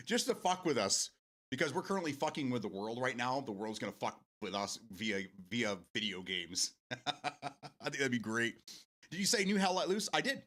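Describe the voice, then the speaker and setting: A man hosting a casual gaming chat show from home. His voice is bright and forward, and his pitch swings widely as he rambles. He restarts his sentences constantly, swears freely and breaks into laughter. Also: expressive, normal speed. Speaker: show host.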